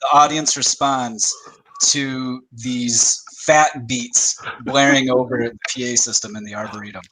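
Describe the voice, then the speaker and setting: A man running a tabletop game as game master, narrating quickly and filling gaps with "like" and "uh". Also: medium pitch, steady tone, sharp tone, rough recording.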